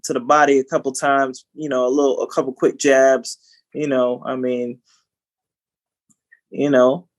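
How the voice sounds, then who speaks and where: A man's voice: medium pitch, little pitch movement, unhurried, long pauses. A man co-hosting a podcast in casual chat, rambling with lots of "you know" and repeated words. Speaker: podcast co-host.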